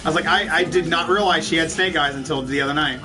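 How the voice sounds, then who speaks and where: Brief: fairly high-voiced guy, sits back from the mic, cussing gamer rant. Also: fast. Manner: profane, ranting, laughs often. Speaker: let's play host. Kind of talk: casual gameplay commentary chatting with viewers. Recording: distant mic with game music behind.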